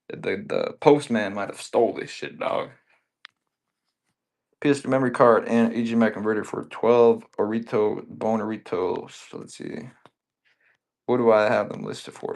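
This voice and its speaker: A man's voice: lowish voice, expressive, moderate pace, creaky. A man selling consoles and games on a live auction stream, chatting casually in a profane, rambling, joking way.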